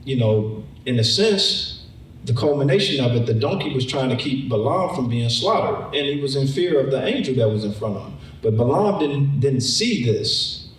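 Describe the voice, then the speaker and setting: A man teaches a Bible lesson in a conversational sermon, his medium-pitched voice animated and moderately paced. He often repeats words and acts out the story. The mic is far off in an echoey room.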